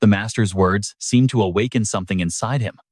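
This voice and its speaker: A man's voice: lowish voice, brisk, a little mellow, no echo, studio quality. A man narrating a story recap in a dramatic, scripted storytelling manner. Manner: dramatic storytelling with brief voiced quotes.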